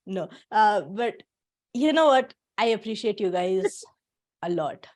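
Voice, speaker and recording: A woman's voice: mid-range voice, lively intonation, slow pace. Woman, workshop host, casual chatty talk, encouraging, video call mic. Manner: chatty, laughs often, encouraging. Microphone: computer mic on a video call.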